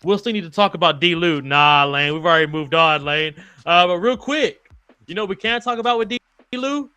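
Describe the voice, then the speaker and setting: A man's voice: fairly high pitch, animated, normal speed, pushed and bright, smooth, dry recording. A man hosting a live-stream sports talk show, casual, slangy and profane, calling viewers and guests brother and dog. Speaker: podcast host.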